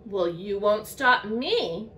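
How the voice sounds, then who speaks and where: A woman's voice: mid-range voice, expressive, slow pace, a bit bright, a little hiss or hum, pitched below the performer's own voice. A woman voicing a stubborn, cheerful little male snail in a storybook reading. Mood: determined.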